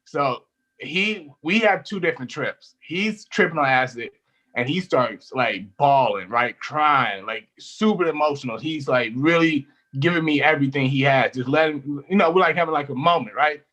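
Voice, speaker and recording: A young man with a bright, forceful voice that sits a little high. He tells loose, animated stories as a comedian guest, laughing often and swearing freely. The talk is casual and rambling. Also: moderate pace. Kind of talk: casual storytelling chat.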